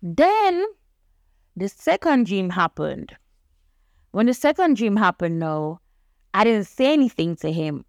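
A woman's voice: medium pitch, slow pace, long pauses, no room sound, studio quality. A young woman, telling a candid story on a podcast and acting out the dialogue. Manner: animated, acts out quoted dialogue.

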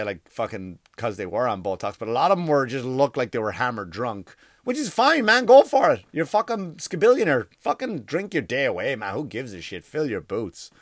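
Man, profane comedic rant, mocking, rapid-fire, dry close sound. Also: medium pitch, a bit bright, no room sound. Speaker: commentator.

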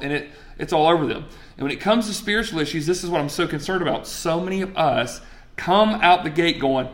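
A man's voice: high voice, a little fast, fairly bright tone. Conversational preacher man in his forties. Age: 40s. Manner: conversational, asks the crowd questions. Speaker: pastor. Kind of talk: sermon.

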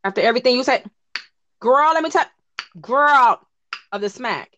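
A woman co-hosting a casual chat show, talking in animated bursts with frequent restarts. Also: fairly high pitch, muffled recording, slight background noise. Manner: animated, chatty, quick bursts with many restarts. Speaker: podcast co-host.

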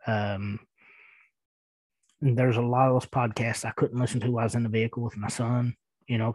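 A podcast host in his thirties, heavy with an Eastern Kentucky accent, works through listener emails in a relaxed, rambling manner, chuckling and hesitating with fillers. His voice is medium-pitched and husky, with no echo.

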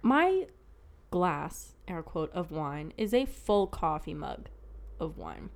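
A young woman, co-hosting a podcast in casual chat, telling animated stories, swearing freely and laughing often. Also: sits low, takes it slowly, vocal fry. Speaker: podcast co-host.

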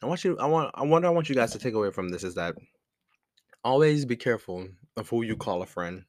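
Fast-talking and animated, a young man with a medium-pitched voice hosts a podcast and tells a personal story. His casual monologue is candid and rambling, with slang and constant restarts. It's studio-quality audio with no echo, and a chair squeaks in the room.

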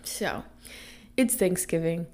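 A young woman from Canada hosting a casual solo podcast, rambling and chatty, her voice raspy from a coming cold. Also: lowish voice, slow, mellow. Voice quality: gravelly. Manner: chatty, rambling with many fillers. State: getting sick, raspy voice. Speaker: podcast host. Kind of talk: casual chat.

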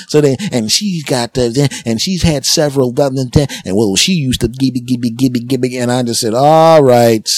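A man hosting a podcast, telling a funny story with lively, repetitive comic phrasing. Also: medium pitch, breathy edge, no echo. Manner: animated, repetitive comic retelling. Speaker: podcast host. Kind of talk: comedic storytelling monologue.

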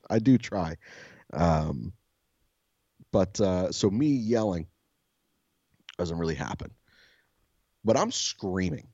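Low-voiced guy telling a wild story, swinging up and down, dry muffled sound. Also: extremely slow, creaky, long pauses, slightly rough, no room sound. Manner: animated, swears freely, laughs often; self-described soft-spoken. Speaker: podcast co-host. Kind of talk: casual storytelling.

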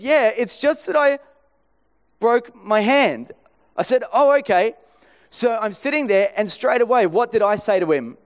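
A man with a fairly high voice delivers a sermon in a conversational storytelling way. He acts out the dialogue from his anecdotes, his pitch rising and dropping as he switches between the people in the story. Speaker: preacher.

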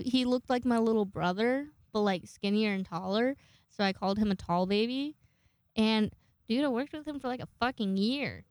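Smooth-voiced woman, rambling and profane. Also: medium pitch, no echo. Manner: rambling, profane, self-mocking. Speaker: podcast host. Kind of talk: casual storytelling chat.

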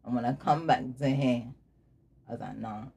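A young man telling a personal story in casual conversation, candid and laughing through dark memories. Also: medium pitch, moderate pace, vocal fry, slight background noise. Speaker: guest telling his story.

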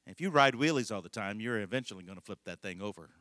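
A man's voice: lowish voice, animated, fast, pushed and bright, dry recording. A middle-aged male pastor telling a rambling, folksy story in a conversational sermon, laughing often.

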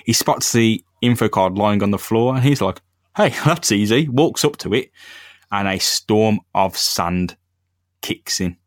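A man's voice: on the low side, unhurried, no room sound. Laid-back man, dry sound. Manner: laid-back, slangy, slips into silly voices. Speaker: podcast co-host. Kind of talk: casual comic-book chat.

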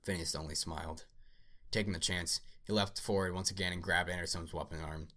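A man reading a science fiction story aloud at a steady pace, with small slips. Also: sits low, a little fast. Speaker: narrator.

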